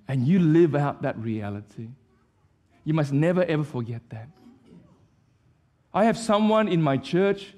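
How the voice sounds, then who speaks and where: A pastor delivering an impassioned sermon, repeating declarations with rising force. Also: male voice, a little high. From Vietnam.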